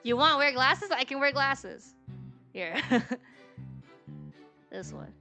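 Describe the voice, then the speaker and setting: Woman, game streamer, rambling with fillers, laughs a lot, fairly high pitch, crisp bright tone. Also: lively intonation, slow, faint music behind. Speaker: VTuber streamer. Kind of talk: let's play commentary, reading game dialogue aloud.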